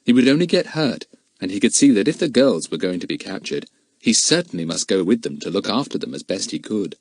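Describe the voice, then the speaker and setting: Lively low-voiced male storyteller. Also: a little fast, no room sound, clean studio sound. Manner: steady storytelling, shifting into character voices. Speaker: audiobook narrator. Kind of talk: scripted narration.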